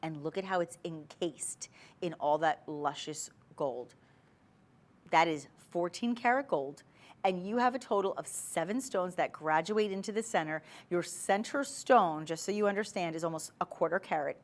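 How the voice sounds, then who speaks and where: A woman's voice: lowish voice, moderate pace. Chatty woman selling jewelry on TV. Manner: chatty, persuasive, speaks straight to viewers. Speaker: shopping channel host. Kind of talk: live TV jewelry sales pitch. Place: TV studio.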